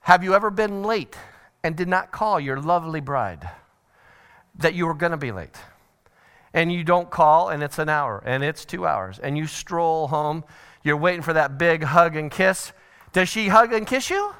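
A middle-aged man teaching a parenting seminar at church, animated and acting out family scenes with sudden shouted voices. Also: high voice, normal speed, clear, resonant tone.

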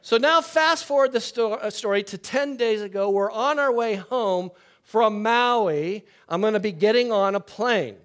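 An older man, the pastor, preaching a sermon with a chatty storytelling manner, swinging from loud lively stretches to quiet low ones. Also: measured pace.

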